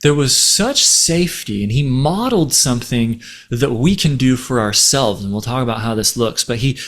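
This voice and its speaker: A man giving a relationship talk, explaining gently through a story and acting out the quoted voices. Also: medium pitch, animated, moderate pace. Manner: acts out quoted voices in stories. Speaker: relationship speaker.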